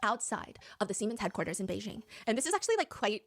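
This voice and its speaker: A woman co-hosting a podcast, telling a story in an animated way with frequent laughter. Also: mid-range voice, quick pace. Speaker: podcast co-host. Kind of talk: storytelling commentary.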